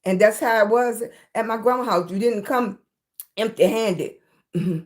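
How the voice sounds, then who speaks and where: A woman's voice: fairly high pitch, moderate pace. Chatty Southern woman livestreaming. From Virginia. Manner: chatty, thanks viewers warmly by name. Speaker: livestream host. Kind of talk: casual livestream chat.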